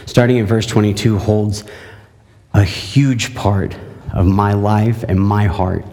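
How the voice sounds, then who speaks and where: A man, a pastor, giving a conversational sermon with a scripture reading, often pausing with fillers and restarts. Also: lowish voice, fairly even intonation, warm tone, big-room sound.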